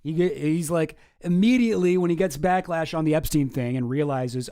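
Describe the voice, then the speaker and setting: A man's voice: on the high side, moderate pace, warm tone, dry recording, clean studio sound. A man hosting a stream, reacting to clips with rambling, profane, sarcastic chat. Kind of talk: casual chat.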